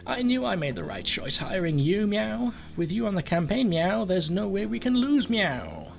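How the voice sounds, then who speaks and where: Posh old butler-cat, a man doing the voice, polite, fussy, raised pitch. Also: big pitch swings, moderate pace, creaky, exaggerated voice. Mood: hopeful. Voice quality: posh, plummy. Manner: fretful and polite.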